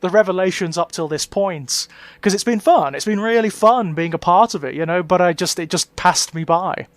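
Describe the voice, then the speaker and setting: A man co-hosting a casual podcast, chatty and quick to laugh. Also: sits high, no room sound. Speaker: podcast co-host. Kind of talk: casual chat.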